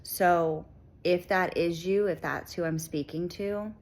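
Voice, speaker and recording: Middle-aged woman, lower register, earnest reflective delivery with frequent pauses; heartfelt personal talk to camera. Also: fairly even intonation. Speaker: channel host.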